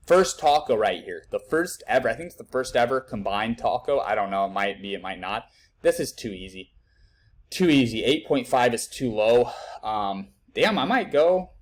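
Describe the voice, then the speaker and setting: A young man giving blunt, profane betting picks in a casual live video, working through numbers out loud. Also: medium pitch. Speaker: sports betting tipster.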